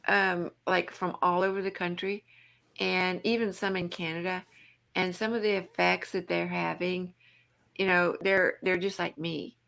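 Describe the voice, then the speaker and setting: A woman with a low, rough voice, chatting casually as a guest on a livestream. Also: flat delivery, measured pace, fairly bright tone. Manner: chatty, worried about her voice after illness.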